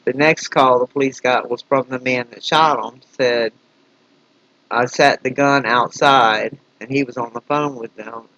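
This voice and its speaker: A tired man talks casually over a live stream, chuckling as he comments on what he hears. His voice sits at a middling pitch, close and dry, with a slightly muffled, lo-fi quality. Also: fairly even intonation, unhurried, sharp tone, dry recording. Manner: chatty, laughs often, tired. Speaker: scanner stream host.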